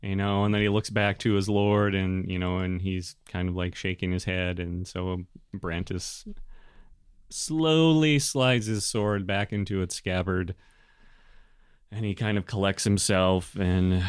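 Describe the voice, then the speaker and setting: A man narrating a tabletop game as game master, halting with many fillers. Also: low-pitched, steady tone, smooth, no room sound, clean studio sound.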